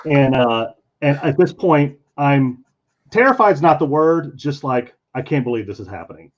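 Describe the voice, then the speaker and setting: Speaking at normal speed in a mid-range voice, a comic artist chats casually about something that happened at a convention, sketching as he goes. He animatedly performs the voices of everyone he quotes, and the stream sound is dull and lo-fi.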